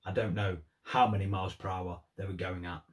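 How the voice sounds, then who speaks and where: Deep-voiced man musing on lyrics. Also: steady tone, fairly quick. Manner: earnest, appreciative, thoughtful. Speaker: music vlogger. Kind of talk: reflective commentary on song lyrics.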